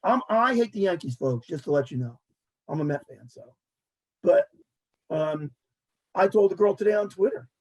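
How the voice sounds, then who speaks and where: A man, hosting a casual sports talk show and ranting in an animated way while mocking others' words. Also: high-pitched, moderate pace, long pauses, muffled recording.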